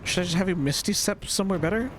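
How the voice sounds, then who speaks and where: A man's voice: high voice, fast, slight background noise. A man giving casual gameplay commentary, muttering to himself and cursing often as he plans his moves. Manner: swears a lot, exasperated muttering to himself. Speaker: streamer playing a role-playing video game.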